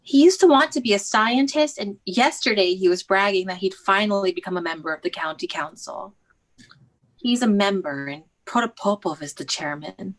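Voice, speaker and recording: A woman's voice: medium pitch, normal speed, natural voice. A young woman acting a despairing young woman of nearly twenty-four, worn out by her dull job, pleading through tears in a stage drama. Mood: bitter. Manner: anguished, tearful pleading.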